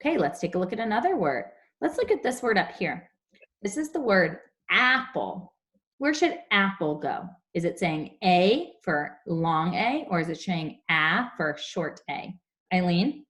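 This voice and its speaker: A young woman teaching a phonics lesson to young children over a video call, explaining slowly and clearly. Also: fairly low pitch, sing-song, a bit bright. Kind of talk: online class phonics lesson.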